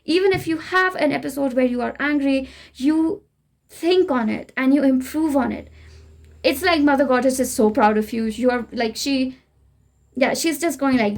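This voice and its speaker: A young Indian woman with an Indian English accent, giving a gentle, reassuring spiritual tarot reading straight to the listener. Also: sits high, moderate pace, gravelly, slight background noise. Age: young adult. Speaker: tarot reader.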